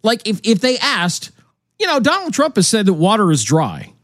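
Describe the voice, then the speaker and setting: A higher-voiced man talks with a lively, swinging pitch, mocking and animated, and often breaks into laughs. The room sounds dry and close. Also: normal speed, no echo. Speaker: podcast co-host. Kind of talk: casual political chat.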